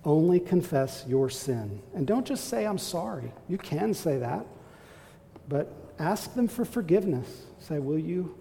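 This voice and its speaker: A man preaching a sermon as pastor, emphatic and exhorting, building to forceful calls to his listeners. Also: fairly high pitch, sing-song, a little slow, gravelly, in a large hall, slight background noise.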